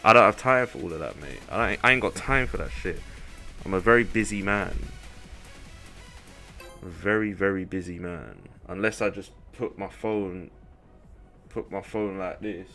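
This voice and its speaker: Young male streamer, low, forceful voice, profane and irritated. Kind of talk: livestream chat to viewers.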